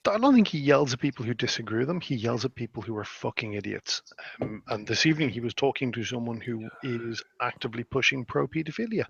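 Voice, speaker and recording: A man's voice: mid-range voice, animated, fast talker, creaky, a crowd in the background. A man in a casual group chat who talks bluntly and swears freely. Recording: dull, lo-fi mic.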